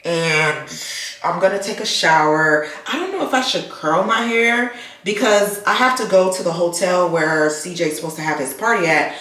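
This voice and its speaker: A woman vlogging casually to her phone camera, animated and chatty, calling her viewers "baby" and "child.". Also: fairly low pitch, moderate pace.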